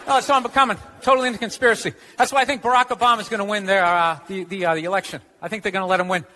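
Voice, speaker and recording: A male American stand-up comedian delivers a sarcastic, profane rant on a comedy club stage into a handheld mic, with crowd noise and laughter from the live audience. His voice sits high, rapid-fire, pushed and bright, with fairly even intonation.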